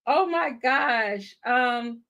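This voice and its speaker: A woman's voice: fairly high pitch, lively intonation, very slow, pushed and bright, muffled recording. A woman hosting a movie watch-party live stream, chatting casually and effusively and laughing often.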